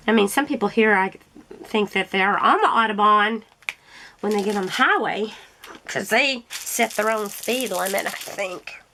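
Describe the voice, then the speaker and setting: A woman's voice: mid-range voice, unhurried, pauses often, sharp tone, slight background noise. A middle-aged woman chatting casually to viewers as she crafts, telling stories and laughing often. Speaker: craft vlogger. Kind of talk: casual chat while crafting.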